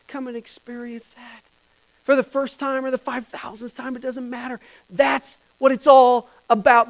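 A man's voice: high voice, rough recording. Impassioned man preaching a sermon. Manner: swings from hushed whispers to loud shouting; impassioned, repetitive preaching with restarts. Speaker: pastor.

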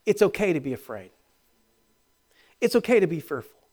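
A man preaching a sermon, moving from quiet, intimate lines to loud, emphatic peaks, laughing between phrases. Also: high-pitched, sing-song, normal speed. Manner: swings from hushed to loud, rising emphatic preaching; laughs between phrases, speaks in quoted inner voices. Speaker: pastor.

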